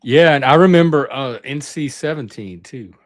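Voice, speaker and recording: At a moderate pace and medium pitch, a middle-aged channel host reminisces casually. His talk is chatty and rambling, and he often stops short in the middle of a sentence.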